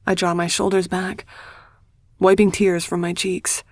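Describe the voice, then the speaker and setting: Woman, audiobook narration, first-person, unhurried, dry close sound. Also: lowish voice, flat delivery, darkish tone, dry recording.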